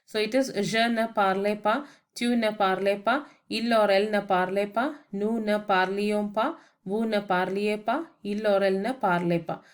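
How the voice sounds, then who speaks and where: A woman's voice: mid-range voice, normal speed. A woman French teacher giving a methodical grammar lesson voice-over, spelling words out letter by letter and adding English translations. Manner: explains each point with English translations.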